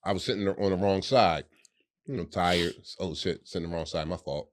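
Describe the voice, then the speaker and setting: A man telling a story in relaxed casual conversation on a comedy podcast, acting out quoted lines in a low-key way. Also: moderate pace.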